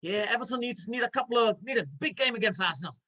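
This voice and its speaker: A man's voice: very high voice, expressive, quick pace, pushed and bright, voice pushed up, full character voice. A man putting on a chatty Scouse football fan. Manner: casual matey football banter.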